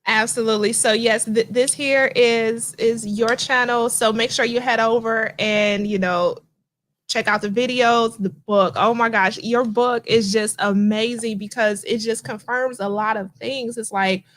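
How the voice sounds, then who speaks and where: Woman host, Midwestern accent, high-set chatty voice, casual storytelling over a video call. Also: measured pace. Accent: Midwestern American. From Midwest US (Cincinnati). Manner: chatty, storytelling, animated asides. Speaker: livestream host. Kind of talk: casual livestream chat.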